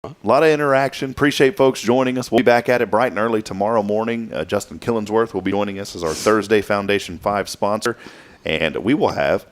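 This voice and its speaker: Fast-talking, upbeat male morning show host. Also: on the low side. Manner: upbeat, jokey, talks fast. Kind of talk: casual on-air chat.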